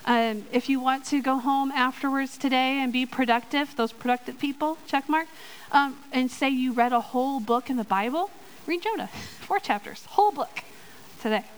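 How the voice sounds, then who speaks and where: A woman giving a sermon and reading a Bible story aloud, lively and playful with joking asides. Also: high-pitched, normal speed, low-quality recording. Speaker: church speaker in children's ministry.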